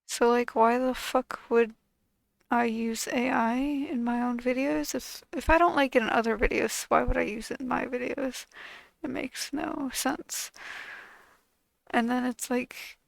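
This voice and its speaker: Woman host venting to camera, slow and frustrated, in a dry, close recording. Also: fairly high pitch, fairly even intonation, vocal fry, no room sound, rough recording. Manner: frustrated, profane, bitter. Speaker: channel host.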